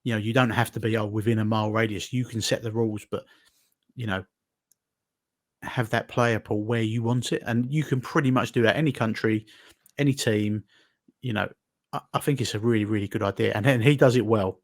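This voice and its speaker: A man's voice: fairly low pitch, steady tone, a little fast, no room sound, clean studio sound. A man co-hosting a casual podcast, bantering and reading bits aloud with a laugh. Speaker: podcast co-host. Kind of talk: casual chat.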